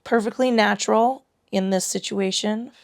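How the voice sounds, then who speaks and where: Brief: woman yoga teacher, mid-pitched voice, talks students through breath and leg lifts with blunt, playful profanity. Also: fairly even intonation, moderate pace, gravelly. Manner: profane, frank and playful while cueing breath. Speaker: yoga instructor. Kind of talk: guided yoga class instruction.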